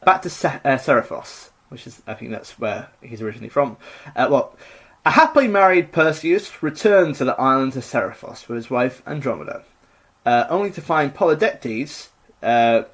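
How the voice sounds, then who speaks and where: A podcast co-host with a bright, mid-range voice retells a myth at normal speed in a very animated, rambling, jokey way, packed with fillers.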